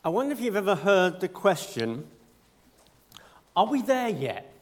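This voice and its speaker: A man's voice: sits high, sing-song, a little slow, slight background noise. A man preaching a conversational sermon to his congregation, with self-deprecating humor.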